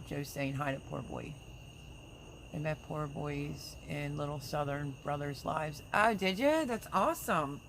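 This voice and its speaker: A woman's voice: lowish voice, a little hiss or hum. Chatty woman livestreamer, crickets behind. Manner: chatty and warm-hearted, reads viewer comments aloud, offers prayers. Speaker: livestream host. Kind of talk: casual live chat reading comments.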